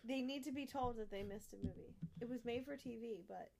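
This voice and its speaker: A woman co-hosting a podcast in casual chat, giggly and quick with quips. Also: a little high, vocal fry, darkish tone. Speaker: podcast co-host.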